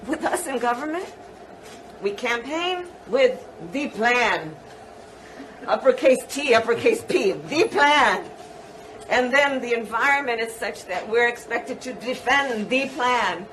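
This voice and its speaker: A woman giving a slow, deliberate speech with a put-on French lilt, heard in an archive clip. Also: fairly high pitch, expressive, fairly bright tone. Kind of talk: public speech. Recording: noisy archive clip with ambience.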